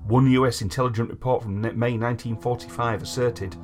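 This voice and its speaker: A man's voice: mid-range voice, fairly even intonation, a little fast, hardly any pauses, over music. A man hosting a podcast, reading history notes aloud and then chatting loosely with fillers. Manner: reads long passages, then chats with fillers like "like" and "you know". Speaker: podcast host. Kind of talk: reading history notes between casual chat.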